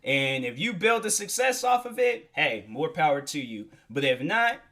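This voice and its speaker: A man's voice: on the high side, big pitch swings, moderate pace, bright, forceful tone. A young man hosting a solo podcast, talking in a casual, rambling, earnest way with many fillers and restarts. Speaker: podcast host.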